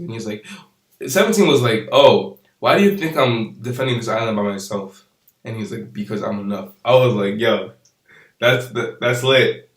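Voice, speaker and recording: A man's voice: lowish voice, reverberant. A young man casually recapping and reviewing an anime episode, rambling with lots of fillers and laughs.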